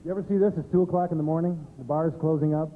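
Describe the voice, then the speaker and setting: A man's voice: fairly high pitch, steady tone, rapid-fire. A man doing stand-up with conversational storytelling, often asking the audience questions. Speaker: stand-up comedian. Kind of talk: stand-up routine. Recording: tinny, noisy 90s TV recording.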